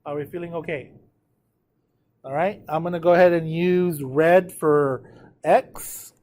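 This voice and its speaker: A male teacher lecturing his class on math, chatty, checking in with the students often and slowing down to dictate the numbers. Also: on the high side, steady tone, a little mellow. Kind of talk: classroom lecture on trig notes.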